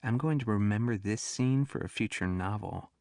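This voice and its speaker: A man reading an audiobook and voicing a young woman with a soft, light Southern accent. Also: on the low side, moderate pace, vocal fry, dry recording, studio quality. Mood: warm, teasing.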